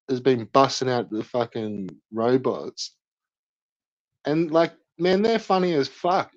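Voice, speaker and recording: A young man talks slowly and unhurriedly, swearing and teasing his way through a live stream. His voice comes through a dry, slightly dull lo-fi mic. The tone is laid-back mockery punctuated by laughter. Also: mid-range voice, dry recording. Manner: profane, mocking banter with frequent laughs.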